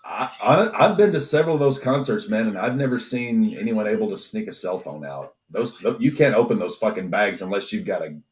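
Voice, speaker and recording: A man's voice: on the low side, expressive, brisk, hardly any pauses. A man co-hosting a casual podcast, rambling with many restarts and frequent swearing. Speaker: podcast co-host. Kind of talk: casual chat.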